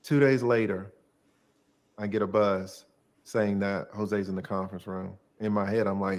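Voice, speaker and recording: A middle-aged man, a former lawyer, casually telling a profane, animated story from his law practice. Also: lowish voice, moderate pace.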